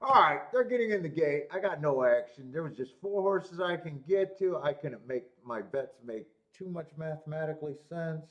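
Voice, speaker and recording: A male host of a live horse racing show, thinking aloud about his bets as the races run. His voice sits a bit high and swings up and down with plenty of life. He talks loosely, with restarts and the odd curse. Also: expressive, normal speed, few pauses, a bit bright, dull audio. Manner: swears, restarts, talks to himself while watching races. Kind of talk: casual live-stream betting talk.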